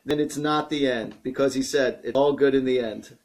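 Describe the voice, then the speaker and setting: A man hosts a live stream, fielding viewer questions in casual, chatty talk that rambles and jokes and gets more animated as his excitement builds. His voice is medium in pitch and moves at a normal speed.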